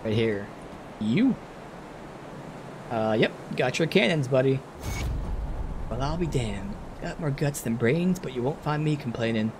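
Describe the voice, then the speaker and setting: A man streaming a game, commenting casually and thinking aloud with sudden bursts of excitement. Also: medium pitch, a little slow, long pauses, background noise.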